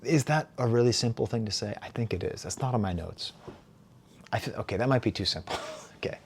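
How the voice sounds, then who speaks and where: A man in his forties giving a casual, animated album review, reading lyrics aloud and laughing at himself. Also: medium pitch, fairly quick, creaky, slightly rough. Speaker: music reviewer.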